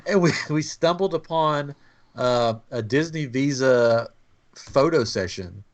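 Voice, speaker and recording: A man's voice: medium pitch, animated, slow pace. Chatty man telling a trip story. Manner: rambling, chatty storytelling with many fillers. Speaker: podcast co-host. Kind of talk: casual trip-story chat.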